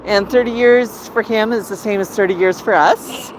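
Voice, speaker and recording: A middle-aged woman hosts a live-streamed walk outdoors in a residential neighborhood, speaking to her pet bird in a coaxing, sing-song way. Her voice is medium-pitched at a normal speed, with slight background noise.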